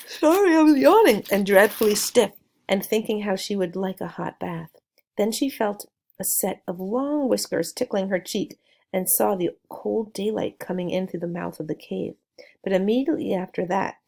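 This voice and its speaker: A woman reading a children's novel aloud, telling the story gently with small asides to the listener. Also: lowish voice, vocal fry. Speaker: narrator.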